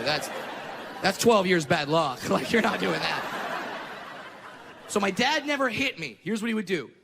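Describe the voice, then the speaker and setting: A man performing a stand-up set who shouts his punchlines. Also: high-pitched, in a large hall. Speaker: stand-up comedian. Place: comedy club stage.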